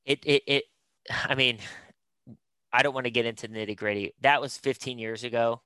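A man's voice: mid-range voice, fairly even intonation, normal speed, bright, forceful tone, clean tone, dry recording. A man, a film producer and talent manager, speaking as a podcast guest in an emphatic, advice-giving way. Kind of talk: casual conversational interview.

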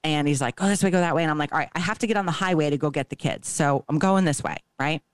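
A woman's voice: low voice, fast, clear, resonant tone, no room sound. Woman telling a story in a dry room. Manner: profane, acts out dialogue. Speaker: podcast co-host. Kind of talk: casual storytelling.

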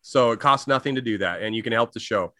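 A man's voice: mid-range voice, fast, pushed and bright, no echo. A man co-hosting a comedy podcast, joking and rambling in casual chat. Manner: joking, rambling, mock-preachy. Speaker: podcast co-host.

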